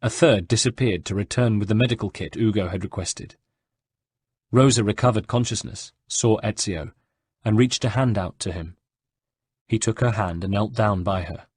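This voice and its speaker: Man, audiobook narration, measured, low voice, dry studio. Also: a little mellow, husky, dry recording. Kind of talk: scripted narration.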